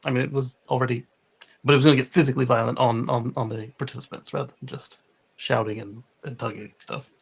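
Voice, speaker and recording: A man's voice: medium pitch, steady tone, fast talker, gravelly, slightly rough. A man co-hosting a podcast, chatting casually and rambling with many restarts. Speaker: podcast co-host. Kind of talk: casual panel chat.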